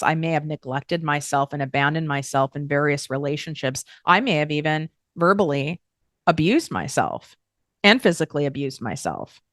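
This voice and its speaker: A low-pitched woman talks straight to her listeners about receiving and self-worth. She is emphatic and openly emotional, and she swears freely. The sound is dry and close, with no room around it. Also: fairly bright tone, no echo. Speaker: podcast host. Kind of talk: candid self-help monologue.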